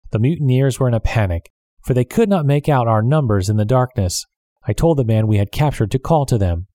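A man reads an adventure chapter aloud at a steady, measured pace. His voice is mellow and dark, and the close microphone gives a dry sound with no room around it. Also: medium pitch, no room sound. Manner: measured, even storytelling. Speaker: narrator. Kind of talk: scripted audiobook narration.

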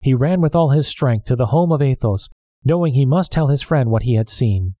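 A man reading a storybook aloud in a calm, steady manner. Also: mid-range voice, moderate pace, no echo, studio quality. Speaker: narrator. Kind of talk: storybook narration.

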